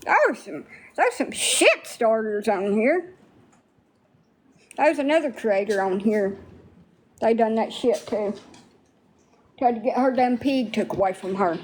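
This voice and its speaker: A woman's voice: a little high, expressive, takes it slowly, pauses often, slight background noise. A woman talking bluntly to viewers on a casual livestream, swearing freely.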